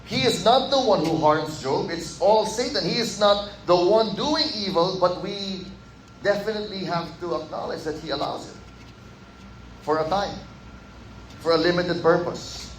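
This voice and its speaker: A man's voice: high-pitched, moderate pace, a little hiss or hum. A man with a Filipino accent preaching a sermon as pastor, switching between English and Tagalog asides and acting out quoted voices. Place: church sanctuary. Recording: echoey hall with faint ambience.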